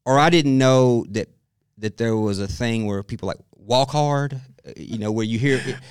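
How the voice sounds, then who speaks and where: A middle-aged man with a smooth, resonant voice, sitting in as a guest on a podcast. He tells stories in an animated, chatty way, slipping into laughter often. His voice sits at an everyday pitch, recorded close and dry. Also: normal speed, no room sound. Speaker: guest expert. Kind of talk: podcast interview conversation.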